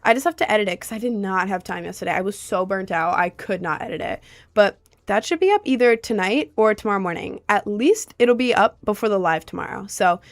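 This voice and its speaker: A young woman talks casually on a live stream, rambling from one thought to the next. Her voice is mid-pitched. She answers comments from her chat as she goes. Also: animated, a little fast.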